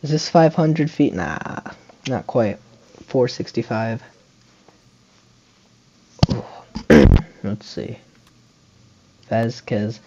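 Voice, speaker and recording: A young man giving casual play-by-play commentary on a baseball video game, muttering calls between sudden excited shouts. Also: medium pitch, very slow, pauses often, lo-fi sound. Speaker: gaming channel host.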